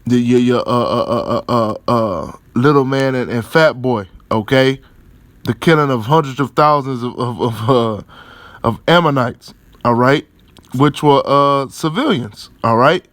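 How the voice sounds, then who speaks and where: A man riffs on news articles through a religious lens, rambling and cursing freely. His voice sits mid-pitched and sounds dry and close, with no room around it. He keeps looping back on fillers and checks in with tag questions, chuckling between thoughts. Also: measured pace, fairly bright tone, dry recording. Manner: chuckles often while talking. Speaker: religious commentator.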